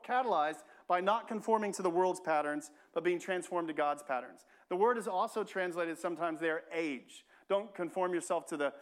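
A male pastor preaching a sermon in a church, talking in a conversational way, repeating phrases and adding frequent "right?" asides. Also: sits high.

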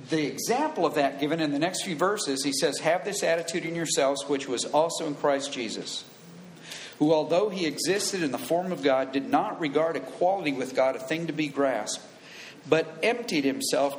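High-voiced preacher in an echoey hall. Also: male voice, slight background noise. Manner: earnest teaching, quoting scripture, emphatic repetition. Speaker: pastor. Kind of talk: sermon. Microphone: wired handheld or lapel mic. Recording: echoey room with faint ambience.

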